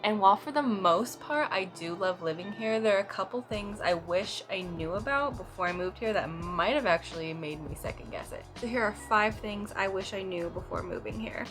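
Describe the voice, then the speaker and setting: A woman's voice: mid-range voice, lively intonation, normal speed, few pauses. A young woman from the US West Coast vlogging casually to camera, telling stories with comic exaggeration and playful quoted voices. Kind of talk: casual vlog talk to camera. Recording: faint background music.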